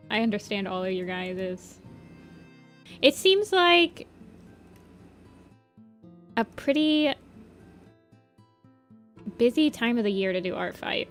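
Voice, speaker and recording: A woman chatting casually on a livestream while she draws, reading chat messages aloud and answering them. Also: mid-range voice. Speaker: art streamer.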